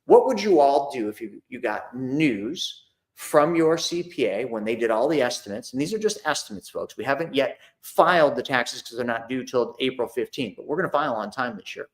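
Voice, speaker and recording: A middle-aged man talks straight to his online audience in a loose, conversational way. He circles back and repeats himself, and he acts out his phone calls. His voice sits at an ordinary middle pitch. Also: lively intonation, moderate pace. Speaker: host of a money and investing talk. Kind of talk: casual live talk to an online audience.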